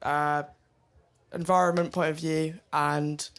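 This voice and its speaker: A young woman in the audience asking a question nervously and haltingly, with frequent "like"s and hesitations. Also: sits low, level tone, gravelly.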